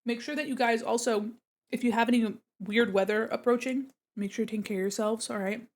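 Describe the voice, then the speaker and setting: A woman's voice: on the high side, fairly even intonation, brisk, a little mellow. Giggly young woman chatting with mouth full. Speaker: art streamer. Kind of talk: casual stream chat. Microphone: mic set away from her face.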